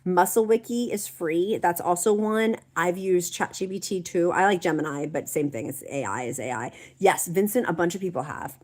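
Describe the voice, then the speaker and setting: Lady on a livestream, chatty, reads comments out, voice on the lower side. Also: normal speed, hardly any pauses, darkish tone. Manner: reads chat comments aloud, chatty and encouraging. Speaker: livestream host. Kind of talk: casual livestream chat.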